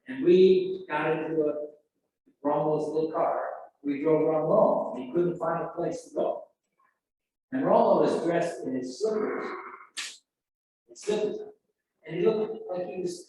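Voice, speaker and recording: A man's voice: a little high, normal speed. Older man telling a story, echoey and distant. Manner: animated, acts out quoted voices and sound effects. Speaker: storyteller at an alumni event. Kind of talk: anecdotal storytelling. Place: event room. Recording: echoey room from far off, faint noise.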